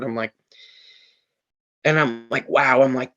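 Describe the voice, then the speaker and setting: A man's voice: medium pitch, fairly even intonation, normal speed, pushed and bright, lo-fi sound. A man guest on a podcast, telling an emotional story in a rambling way, full of fillers and restarts. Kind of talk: emotional storytelling in casual chat.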